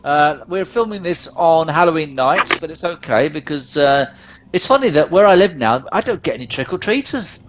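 A man's voice: on the high side, expressive, moderate pace, slight background noise. A man hosting a podcast in casual chat, rambling and chatty, recorded at home. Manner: chatty, rambling, lots of fillers and restarts. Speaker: podcast host.

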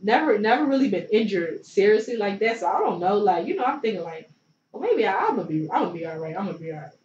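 A woman's voice: medium pitch, expressive, fast, darkish tone. Chatty young woman from Philadelphia. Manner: loose and chatty, filler-heavy with many likes and you knows. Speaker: guest, former pro basketball player. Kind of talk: casual storytelling interview. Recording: roomy, distant, dull sound with faint noise.

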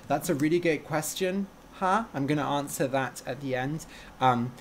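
Slow-talking man reading viewer comments. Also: mid-range voice, slight background noise. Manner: slow, deliberate, friendly speech with fillers. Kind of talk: live stream chat.

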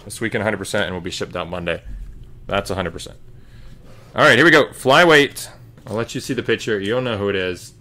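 Guy running a card break, kinda low but bright, calls out cards casual and chatty. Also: fairly even intonation, fast. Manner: casual, chatty, calling out cards as he opens packs. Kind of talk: live card break commentary.

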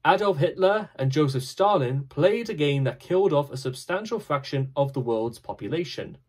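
A man reading a scripted reflective talk with dry, wry humor and a measured, explanatory delivery. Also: a little high, lively intonation, darkish tone, husky. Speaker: speaker giving a short reflective talk.

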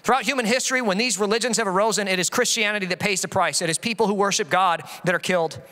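A male pastor preaching a sermon in an animated way, often acting out voices he quotes. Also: high voice, fast, in a large hall.

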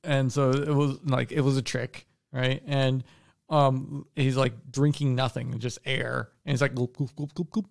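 A man's voice: medium pitch, flat delivery, measured pace, creaky. A man co-hosting a casual book podcast, retelling the plot in a loose, hesitant way. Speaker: podcast co-host.

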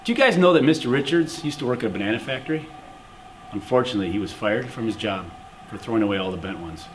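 A man's voice: fairly low pitch, lively intonation, fast talker, slight background noise. A man telling short punchline jokes on school announcements. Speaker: joke teller on school announcements.

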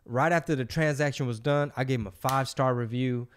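Forties male podcast host, casual storyteller, mid-pitched. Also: fairly quick, slight background noise. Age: 40s. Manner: loose storytelling, slangy, swears freely.

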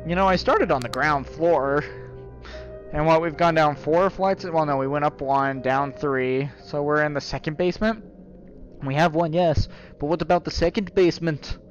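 A man's voice: on the high side, normal speed, lo-fi sound, faint music behind. A man playing a horror game and commenting, joking at the game's portraits and yelping when startled. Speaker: gaming YouTuber.

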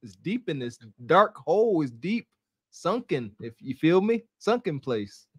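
A man co-hosting a reaction podcast, talking in an animated, slangy way and mimicking the people he reacts to. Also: fairly high pitch, unhurried, slightly rough, no room sound, clean studio sound. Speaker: podcast co-host. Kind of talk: casual reaction commentary.

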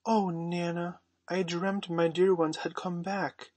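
A man voicing a gentle, anxious mother who speaks timidly and pleads. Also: high voice, flat delivery, slow, no echo, pitched above the performer's own voice.

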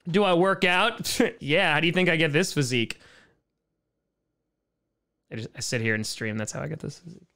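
A man's voice: on the high side, moderate pace, vocal fry, pauses often, bright, forceful tone. A man in his thirties hosting a casual live-streamed Q&A from home, joking, sarcastic and riffing on viewer comments. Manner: jokey, sarcastic, reads chat aloud and riffs on it.

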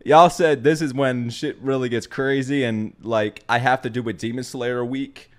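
A young man hosting an anime reaction video, talking casually, swearing freely, breaking into laughs and shouts. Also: medium pitch, steady tone, moderate pace.

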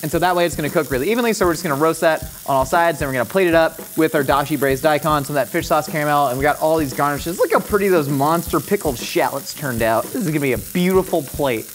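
A man's voice: fairly high pitch, fast talker, slight background noise. A young man from Southern California with a Southern Californian accent, hosting a cooking show in a jokey, rambling, self-mocking way. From Orange County, California. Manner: goofy, rambling, self-mocking, laughs at his own puns. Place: studio kitchen.

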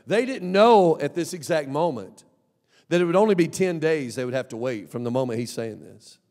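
High-voiced preacher shouting in a hall. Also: male voice, expressive, normal speed. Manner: swings between loud shouting and low mumbled asides. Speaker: pastor. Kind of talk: sermon. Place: church sanctuary. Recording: long church hall reverb.

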